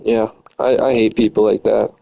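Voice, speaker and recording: A man's voice: on the low side, little pitch movement, normal speed, vocal fry, mellow, highs cut off. A man in his twenties delivers a heated, profane rant. His talk is bitter and loose, full of insults and repetition. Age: 20s. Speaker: streamer. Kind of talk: angry casual rant.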